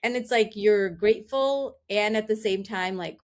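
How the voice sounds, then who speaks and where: At medium pitch and ordinary speed, the middle-aged guest speaks openly and reflectively in a casual podcast interview. "Like" crops up frequently, and she plays out the thoughts she once had.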